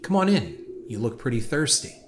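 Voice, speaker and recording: A man's voice: mid-range voice, very animated, a little fast, lightly acted. A man voicing a friendly but sinister backwoods cabin owner with a smiling, folksy drawl. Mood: folksy welcoming. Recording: noisy hiss behind voice.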